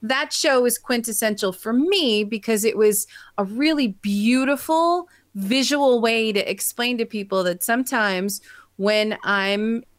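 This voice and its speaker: Woman co-host, gushing casual chat, somewhat high voice, dry close mic. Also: a little slow, no echo. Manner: gushing, chatty, animated. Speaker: podcast co-host.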